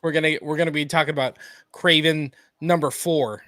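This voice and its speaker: Bright-voiced, joking male podcast host. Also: on the high side, fairly even intonation, no echo, clean studio sound. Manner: joking, quick agreeing interjections. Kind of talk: casual pop culture chat.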